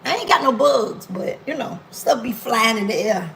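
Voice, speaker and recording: A woman's voice: a little high, animated, normal speed, creaky, fairly bright tone, slight background noise, poor audio. A woman hosting a casual cooking livestream from her home kitchen, playful and teasing her viewers as she talks into her phone. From Miami. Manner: playful, teasing viewers, drawling African American Vernacular speech.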